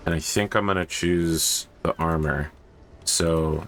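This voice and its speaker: A man's voice: rumbling low, lively intonation, slow, gravelly, a little hiss or hum. A man hosting a gaming video, giving casual gameplay commentary with joking, self-mocking asides.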